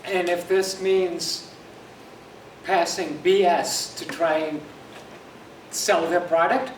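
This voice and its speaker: A man telling an animated, sarcastic story at a user group meeting in an office room. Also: sits high, takes it slowly, long pauses. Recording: distant echoey room, background hum.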